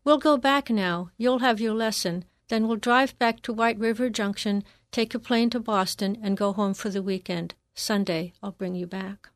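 A woman's voice: medium pitch, fairly even intonation, normal speed, hardly any pauses, dry recording, natural voice. A stern grieving father speaks in short, clipped orders, read out by a woman in her own voice. The sound is dry and close, with no room around it. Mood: firm.

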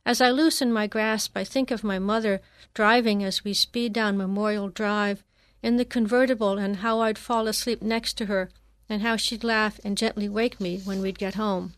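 A woman narrating a first-person memoir in a measured, reflective reading. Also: medium pitch, dry recording, studio quality.

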